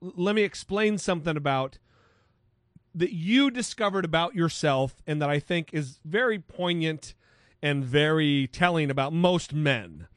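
Male podcast co-host, animated and fairly high-pitched, analytical, dry close sound. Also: measured pace, no echo. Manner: analytical, stammering restarts, laughs easily. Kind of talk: casual chat.

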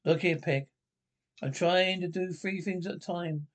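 A cheeky, harried cabbie in a 1960s British film comedy. He placates his wife briskly, trying to smooth things over while he juggles the job. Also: sits high. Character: cheeky middle-aged London cabbie, harried and evasive. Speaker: cab driver.

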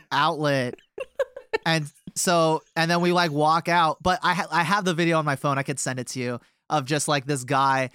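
Young man, touring musician, rambling casual story, smooth voice, dry close sound. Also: fairly high pitch, a bit bright, no echo. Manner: rambling, many fillers. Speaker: touring band member.

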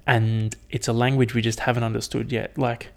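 A man's voice: medium pitch, flat delivery, normal speed, gravelly. A young man hosting a casual solo podcast, rambling and swearing with lots of fillers. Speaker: podcast host.

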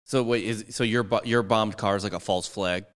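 A man's voice: on the low side, fairly even intonation, fairly quick, a bit bright. Tipsy joking man in a reverberant room. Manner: joking, profane, mimics voices in bits. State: drunk. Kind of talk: casual chat.

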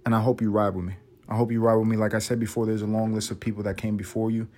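A podcast host delivers a casual solo monologue in a low, darkish voice with little pitch movement, racing through his words. He's profane, rambling, and self-mocking.

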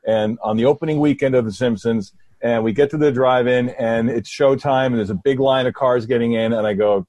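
A middle-aged man, a comedy writer, telling an anecdote in a lively, halting way full of restarts over a video call. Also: mid-range voice, dry recording, clean studio sound. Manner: animated, halting storyteller with many restarts. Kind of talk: casual storytelling.

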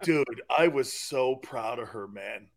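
A man with a mid-range voice and vocal fry speaks slowly as a sports radio co-host. Even so, he tells his stories animatedly, peppering them with "man" and "dude."

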